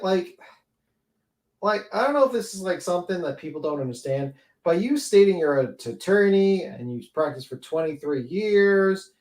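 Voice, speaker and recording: A high-pitched man holds court on a livestream panel, venting with heavy cursing and mocking sarcasm. His voice rings with the echo of the room he records in. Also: a little mellow. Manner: profane, ranting, sarcastic. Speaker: panel host. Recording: roomy echo.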